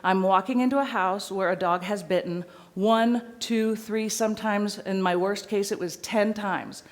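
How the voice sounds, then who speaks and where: A woman dog trainer giving a live talk to an audience, animated and direct, often checking in with "right?" and "okay?". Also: mid-range voice, normal speed. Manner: animated, addresses audience directly with tag questions.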